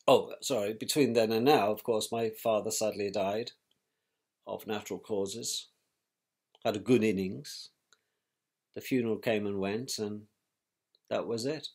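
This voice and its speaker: A middle-aged man, recalling a painful family event in a measured, reflective way with pauses and restarts. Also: on the low side, steady tone, a little mellow. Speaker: interviewee, victim's brother. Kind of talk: personal recollection.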